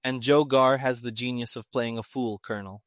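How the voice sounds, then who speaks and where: A man voicing a quiet, wry army captain who speaks slowly and softly, in an audiobook reading. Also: mid-range voice, fairly even intonation, dry recording, studio quality, lightly acted. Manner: quiet, slow.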